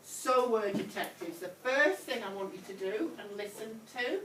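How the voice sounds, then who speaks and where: A woman's voice: medium pitch, lively intonation, moderate pace, noisy background. A woman teaching a primary class, encouraging and repeating her prompts, calling pupils sweetheart. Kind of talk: whole-class phonics lesson. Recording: echoey classroom from far off.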